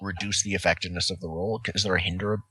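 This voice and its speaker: A man's voice: sits low, level tone, very fast, pushed and bright, breathy edge. A man playing a tabletop game, asking unsure questions about the rules. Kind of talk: casual tabletop game talk.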